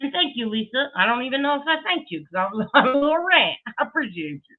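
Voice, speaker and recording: High-voiced woman ranting, tinny sound. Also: lively intonation, fast talker. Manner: profane, emphatic, laughing asides. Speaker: commentary streamer. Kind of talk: heated commentary rant. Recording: tinny phone-like audio.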